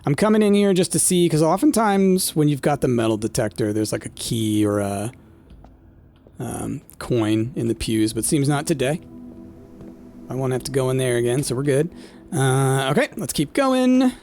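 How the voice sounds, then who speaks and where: The voice is a man's, medium in pitch, animated and a little mellow, at normal speed. He's a gameplay streamer doing relaxed let's-play commentary, filling it with fillers, thinking aloud, and speaking to his chat.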